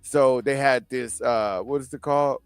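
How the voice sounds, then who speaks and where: A man's voice: mid-range voice, normal speed, smooth, dry recording. A man hosting a casual comic book chat show, telling stories and laughing often. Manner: laughs often, animated storytelling. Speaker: host.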